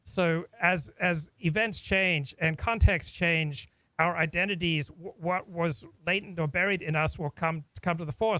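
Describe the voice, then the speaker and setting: A man's voice: high-pitched, pushed and bright, dry recording, rough recording. A man from Australia hosting a talk, speaking in an earnest, reflective way and often repeating words as he thinks. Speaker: host. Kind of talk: casual discussion.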